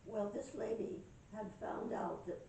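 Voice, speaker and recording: A woman's voice: medium pitch, steady tone, unhurried. Older woman, reminiscing storyteller, distant echoey recording with faint noise. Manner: warm reminiscing, emotional, chatty. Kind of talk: personal storytelling to camera.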